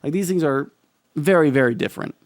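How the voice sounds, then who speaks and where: A young male streamer riffs through casual political commentary in a fairly high voice. He rants, swears freely and keeps restarting his sentences. The sound is dry and close, with no room around it. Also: a little fast, no echo. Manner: profane, ranting, restarts often.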